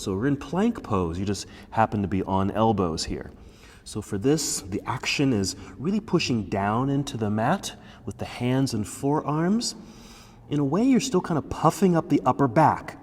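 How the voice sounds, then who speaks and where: Calm low-voiced male yoga instructor. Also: breathy edge, big-room sound. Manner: calm, encouraging cues with breath prompts. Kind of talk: guided yoga class instruction. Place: yoga studio.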